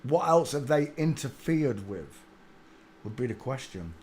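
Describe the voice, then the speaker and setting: A man's voice: mid-range voice, sing-song, measured pace, darkish tone. Preachy man. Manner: preachy, insistent, with filler hesitations. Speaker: channel host. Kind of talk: ranting monologue.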